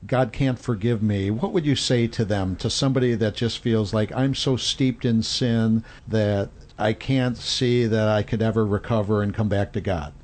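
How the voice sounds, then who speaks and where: A man's voice: on the low side, normal speed, hardly any pauses, darkish tone. A man hosting a Christian podcast discussion, speaking reflectively and addressing listeners directly. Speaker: podcast host.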